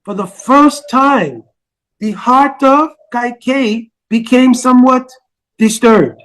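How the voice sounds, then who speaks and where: High-voiced man telling a sacred story. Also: slow pace, low-quality recording. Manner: lively, engages listeners with questions. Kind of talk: devotional storytelling to an audience.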